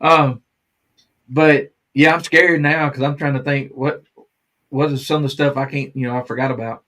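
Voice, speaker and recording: A man's voice: medium pitch, fairly even intonation, normal speed, bright, forceful tone. A man hosting a live stream, chatting casually, rambling and laughing often.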